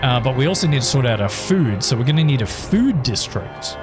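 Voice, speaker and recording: A man's voice: mid-range voice, very animated, brisk, over music. An Australian man casually commentating his gameplay, thinking aloud with lots of ums and chatting to his viewers as he goes. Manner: talks to chat, thinks aloud with many ums. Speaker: gaming YouTuber.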